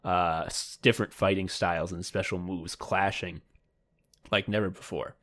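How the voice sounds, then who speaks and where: A man's voice: low voice, steady tone, normal speed, fairly bright tone. A man co-hosting a comedy podcast, rambling in a mock sports announcer manner. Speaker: podcast co-host.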